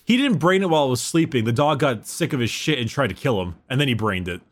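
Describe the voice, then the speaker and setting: A man with a mid-range voice co-hosts a casual book podcast. He walks through the plot in a relaxed way, with plenty of ums and quick quoted asides from the characters. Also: mid-range voice. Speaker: podcast co-host.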